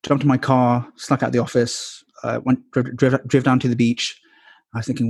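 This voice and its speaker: A man's voice: medium pitch, flat delivery, normal speed, creaky, a little mellow, slightly rough, dry recording, studio quality. A man in his twenties or thirties, a podcast guest, telling his life story candidly with many ums and likes. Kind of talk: casual storytelling interview.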